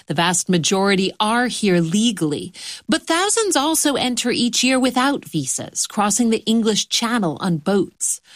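A woman's voice: medium pitch, no echo, clean studio sound. Woman reading a news report. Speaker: radio reporter. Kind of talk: scripted news narration.

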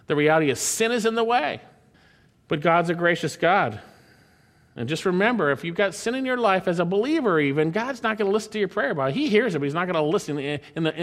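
A man preaching a sermon, emphatic, lifting his voice to quote scripture and dropping it low to drive points home. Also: lively intonation, a little fast, a bit bright. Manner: emphatic, swings between raised and dropped voice, quotes scripture in a lifted tone.

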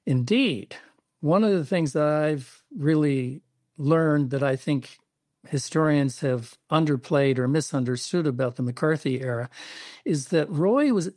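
A male author being interviewed on the radio, explaining events in a measured, storytelling way. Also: fairly high pitch, darkish tone, no echo, studio quality. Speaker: author guest.

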